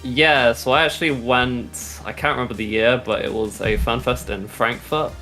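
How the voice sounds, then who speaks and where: A man's voice: mid-range voice, fairly even intonation, normal speed, sharp tone, soft background music. A young man, a content creator, chatting as a podcast guest in a rambling, friendly way with many fillers. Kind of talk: casual podcast interview.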